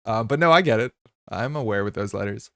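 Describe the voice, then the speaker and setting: Male streamer host, fairly low voice, dry close sound, loose rambling chat with chat-reader bursts of energy. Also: lively intonation, vocal fry, sharp tone, no room sound. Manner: chatty and rambling, with many fillers and quick jumps in pitch when greeting chat. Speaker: streamer hosting a card game live stream. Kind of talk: casual live-stream chat, greeting viewers.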